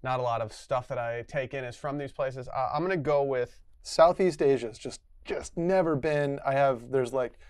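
A man's voice: mid-range voice, normal speed, darkish tone, smooth, dry recording. A man with a mid-range voice chews over quiz answers aloud, joking at his own expense. The sound is close and dry. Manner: thinks aloud, self-mocking. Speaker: quiz contestant. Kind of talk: casual comedic quiz banter.

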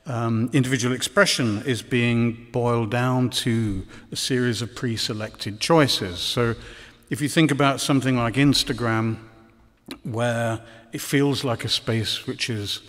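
A man's voice: medium pitch, fairly even intonation, a little slow, a bit bright. A man giving a conference lecture, hesitant with many ums and dry ironic asides. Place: lecture hall. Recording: long hall reverb.

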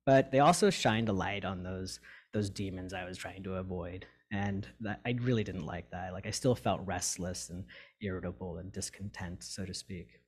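A man in recovery sharing a personal story with his meditation group, candid and halting, full of fillers and restarts. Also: low voice, husky. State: tearing up.

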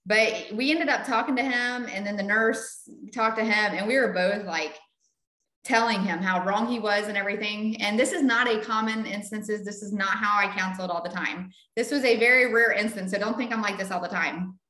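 A middle-aged woman, leading a Bible study and telling a story in animated casual chat. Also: medium pitch, normal speed. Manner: animated, acts out quoted voices. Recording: echoey room.

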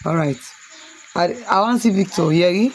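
Woman speaking Sierra Leonean Krio. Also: lowish voice. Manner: teasing, rapid questioning, then explaining. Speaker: vlogger. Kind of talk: casual vlog talk, teasing and touring.

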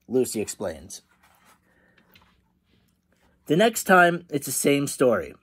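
A man, a teacher, reading a picture book aloud to children in a friendly, animated way. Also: medium pitch, slow, long pauses. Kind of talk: storybook read-aloud for children.

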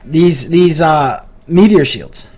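A man's voice: on the high side, animated, slow, warm tone, slightly rough. A young man hosting a casual gaming session, often sighing and exasperated with his teasing partner. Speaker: channel host and gamer.

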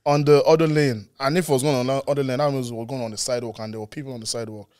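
A man's voice: mid-range voice, rapid-fire, clear, resonant tone, no echo, clean studio sound. A young man co-hosting a casual podcast chat, telling stories with energy and acting out the quotes. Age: young adult. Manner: animated storyteller who acts out quotes. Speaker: podcast co-host.

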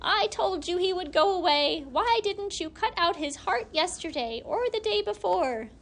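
A woman voicing a bloodthirsty old hag with long teeth, sharp and urgent. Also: very high-pitched, expressive, measured pace, voice pushed up, exaggerated voice. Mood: scolding. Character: old long-toothed hag, murderous and alarmed.

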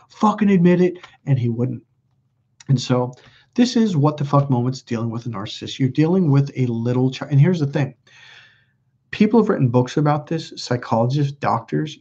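A man's voice: medium pitch, husky, lo-fi sound. A man hosting a casual live stream, telling a story with lots of profanity and acted-out dialogue. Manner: animated, profane, reenacts dialogue. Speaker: self-help video host.

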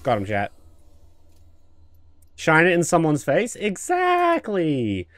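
A man's voice: fairly high pitch, wildly swooping pitch, slow pace, a bit bright, dry recording. A man streaming a video game with casual commentary, joking, cocky and swearing.

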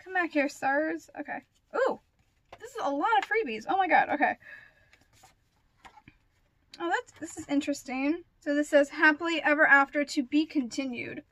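A young woman vlogger chatting casually through an unboxing, gushing and excitable with lots of gasps and fillers. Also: high voice, normal speed, pauses often.

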